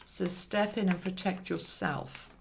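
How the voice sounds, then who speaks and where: A woman's voice: on the low side, fairly even intonation, unhurried, vocal fry, noisy background. A British woman doing a monthly tarot reading, chatty and reassuring as she draws cards and talks to them. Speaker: tarot reader.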